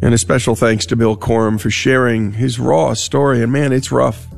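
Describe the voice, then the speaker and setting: A man's voice: medium pitch, flat delivery, normal speed, vocal fry, faint music behind. A man hosting a radio story show, delivering an outro. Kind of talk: radio host outro and ad read.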